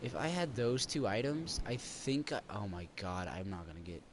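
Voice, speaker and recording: A man's voice: lowish voice, very animated, moderate pace, background noise. A young man commenting casually on his own gameplay, often swearing and exclaiming in frustration. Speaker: gamer streaming gameplay. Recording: game music loud behind voice.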